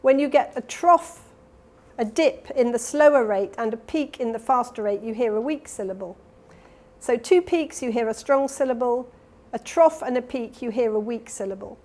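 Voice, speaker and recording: Older woman, higher register, conference keynote; explanatory lecturer walking an audience through slides. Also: normal speed, a little mellow. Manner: explanatory, talks through slides, demonstrates sounds. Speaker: professor giving a keynote lecture. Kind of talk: academic lecture. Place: conference hall.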